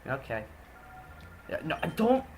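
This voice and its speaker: A man's voice: fairly high pitch, sing-song, a little slow, a little hiss or hum. A man doing joking, rambling gameplay commentary as host, often correcting himself. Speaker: let's play host.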